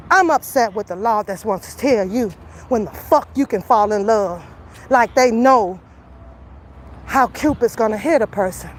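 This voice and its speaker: A woman's voice: on the high side, slight background noise. A woman commentator calling someone out to camera in a profane, confrontational rant, taunting and then lecturing. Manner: slows into calmer lecturing. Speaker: YouTube commentator. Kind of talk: angry call-out rant to camera.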